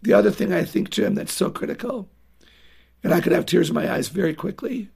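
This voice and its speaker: Woman, radio guest, gravelly, husky, earnest, emphatic, studio mic. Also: mid-range voice, brisk, mellow. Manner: earnest and emphatic, acts out parent-child exchanges. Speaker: guest author on parenting. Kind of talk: radio interview talk.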